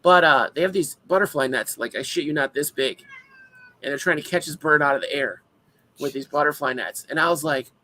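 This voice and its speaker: A man co-hosting a casual podcast chat, an animated storyteller who acts out his own shouts. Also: fairly high pitch, brisk, rough recording. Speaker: podcast co-host.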